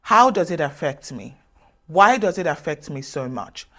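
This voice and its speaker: Earnest woman giving measured self-help advice. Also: sits low, big pitch swings. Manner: earnest, direct, coaxing the listener. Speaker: self-development speaker. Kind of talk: motivational advice talk to camera.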